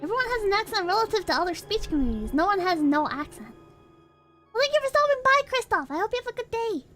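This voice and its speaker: Woman streamer, casual chat, very high squeaky voice, bouncy pitch, giggly. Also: sing-song, quick pace, a bit bright, soft background music. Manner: giggly, banters with chat, breaks into shrieking laughter.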